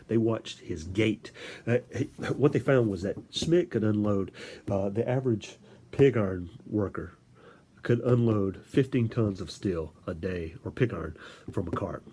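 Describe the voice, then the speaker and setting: A deep, mellow-voiced man lecturing in an informal, storytelling way. He stops and restarts often, filling pauses with filler words. A faint hiss sits under his voice. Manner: animated storytelling with acted-out quotes.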